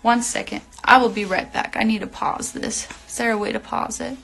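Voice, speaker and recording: A woman's voice: on the high side, fairly even intonation, normal speed, vocal fry, fairly bright tone, poor audio. A young woman telling a long story on a phone livestream, rambling with lots of fillers and casual swearing. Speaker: reality TV personality on a livestream.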